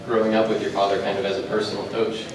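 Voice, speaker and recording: A man's voice: lowish voice, completely flat delivery, fast, a crowd in the background. A male fan interviewer asking casual, rambling questions at a convention press conference. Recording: distant and very echoey with background noise.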